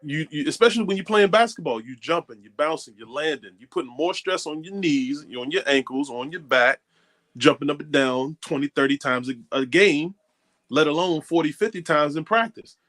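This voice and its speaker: A man's voice: on the high side, lively intonation, fairly quick, fairly bright tone. A man co-hosting casual sports talk, explaining his point earnestly. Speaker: co-host.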